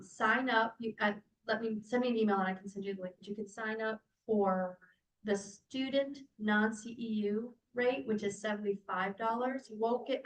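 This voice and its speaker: A woman organizing a continuing education class, giving casual announcements in a chatty way with quick asides. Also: mid-range voice, reverberant, low-quality recording. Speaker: program organizer.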